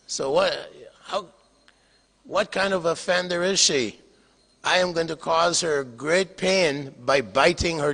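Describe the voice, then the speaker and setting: A vengeful snake lays out its charges in a stern, accusing tone, told by an older man lecturing. The voice is bright. A long hall reverb trails it. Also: a little high. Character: vengeful snake sent by a god.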